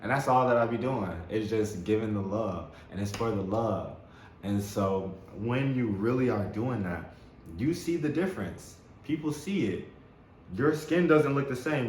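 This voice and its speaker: A man hosting a spiritual self-help talk, speaking with enthusiasm, repeating words and laughing often. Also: mid-range voice. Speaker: host. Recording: roomy echo with faint background noise.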